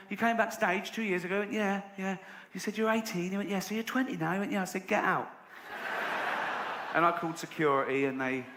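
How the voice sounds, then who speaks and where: Sardonic English comedian in a roomy live venue. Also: male voice, background noise. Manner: sardonic storytelling, voices other people with pitch jumps. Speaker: stand-up comedian. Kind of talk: stand-up routine.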